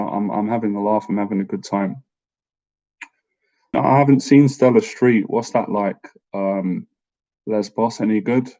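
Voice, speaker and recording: A man's voice: on the low side, mellow. A man in his thirties hosting a casual live stream, chatting loosely with viewers, rambling and often laughing as he answers their questions.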